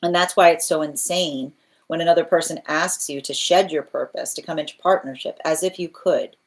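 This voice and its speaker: A woman's voice: deep voice, fairly even intonation, brisk. A woman giving a live tarot reading, earnest and repetitive, often restarting phrases and checking in with "right?". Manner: restarts phrases while thinking aloud. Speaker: tarot reader.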